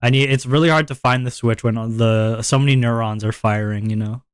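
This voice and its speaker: Young guy streamer rambling, halting and self-deprecating, mid voice, dry close mic. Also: mid-range voice, fairly even intonation, smooth, no room sound. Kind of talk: casual live-stream chat.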